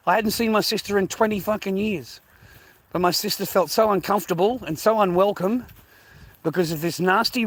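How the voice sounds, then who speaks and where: A man with a high-pitched voice, from the United States, tells his viewers a story while out walking. He rambles, swears freely and repeats his own phrases, now and then dropping to a hushed aside. It sounds like it is caught on a handheld phone outdoors. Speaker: vlogger.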